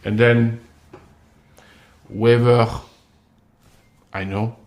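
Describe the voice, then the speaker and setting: A man's voice: mid-range voice, little pitch movement, very slow, darkish tone, echoey room. Emphatic man with a tinged delivery. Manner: emphatic, accusatory, acts out others' replies. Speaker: commentator. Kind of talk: direct-to-camera monologue.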